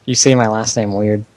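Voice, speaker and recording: A man's voice: medium pitch, a bit bright, breathy edge, no echo. Young man, podcast co-host, laughs a lot, fumbles his reading, dry close sound. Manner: laughs often, stumbles over read news. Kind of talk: casual podcast chat.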